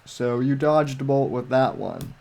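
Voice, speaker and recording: A man's voice: mid-range voice, animated, moderate pace, gravelly, a little mellow. A man co-hosting a casual live stream over a video call, rambling with many restarts and fillers.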